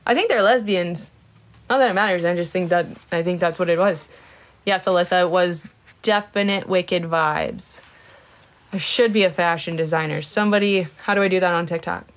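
A woman's voice: fairly low pitch, moderate pace. Casual, swearing woman streaming live. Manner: chatty, greets viewers by name, swears casually, giggles. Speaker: livestreamer. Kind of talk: casual livestream chat.

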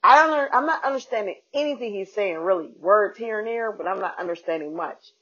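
A woman comedian and podcast host telling a casual, animated story and acting out the people in it. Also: mid-range voice, a little fast, husky. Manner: animated, acts out quoted people. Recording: dull lo-fi podcast audio.

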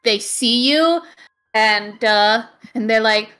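A woman running a tabletop role-playing game as game master, narrating with many pauses and fillers. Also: on the high side, pushed and bright, clear, resonant tone. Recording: faint music behind.

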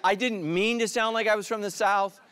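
A middle-aged pastor from California preaching a sermon, telling jokes and then dropping to a quiet, earnest tone. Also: male voice, sits high, fairly even intonation, brisk, smooth. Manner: joking storyteller, drops to a quiet earnest tone.

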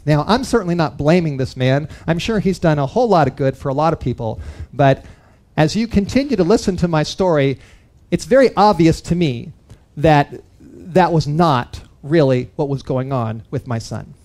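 A man's voice: fairly high pitch, expressive, moderate pace, a little mellow. A middle-aged man gives a personal testimony to a live audience, in an earnest, conversational storytelling way that speaks to his listeners. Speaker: guest speaker.

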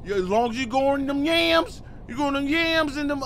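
A man's voice: extremely high pitch, sing-song, normal speed, fairly bright tone, slight background noise. A man doing casual let's-play commentary, slangy and joking, reading game text aloud and riffing on it with plenty of swearing. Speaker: gaming YouTuber.

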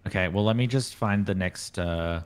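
A man's voice: low voice, normal speed, clean tone. A man chatting and joking casually while playing a game with his girlfriend on a stream. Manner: joking, teasing. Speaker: streamer's boyfriend, co-player. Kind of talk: casual gaming chat. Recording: noisy stream audio with clicks.

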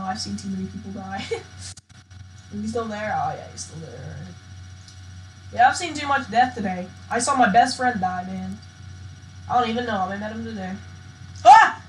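A woman giving excitable, slangy live gameplay commentary as a channel host, often bursting into loud shouts. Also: medium pitch. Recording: echoey room with faint noise.

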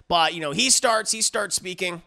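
Brief: a rambling, crude-talking man reviewing movies, with a gravelly, sharp voice. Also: high-pitched, normal speed. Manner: rambling, crude, many fillers. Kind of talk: casual film review.

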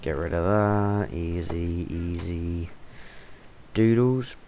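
Guy doing game commentary, deep low voice, chatty and jumpy, stand-in mic. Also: slow, slight background noise. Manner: chatty, excitable, with sudden exclamations. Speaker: gaming channel host. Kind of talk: gameplay commentary. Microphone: temporary stand-in mic.

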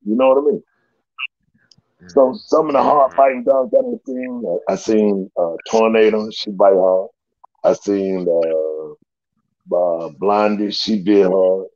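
A man telling stories in casual slangy talk, animated and loose, often laughing. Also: unhurried, no echo, muffled recording. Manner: animated, loose slangy storytelling with big pitch jumps and laughs. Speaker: guest storyteller. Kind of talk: casual storytelling.

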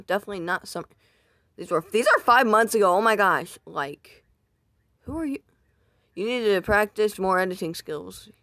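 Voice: medium pitch, bright, forceful tone, no echo. Casual YouTuber reacting to comments, self-mocking, recorded dry at a home mic. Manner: self-deprecating, rambling, reacts aloud. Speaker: YouTuber reading viewer comments.

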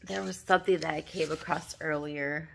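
Woman, low voice, tearful, sniffling, halting, apologetic fillers, emotional devotional vlog. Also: steady tone, gravelly, background noise. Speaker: vlogger sharing devotional reflections. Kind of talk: emotional devotional vlog, reading journal aloud.

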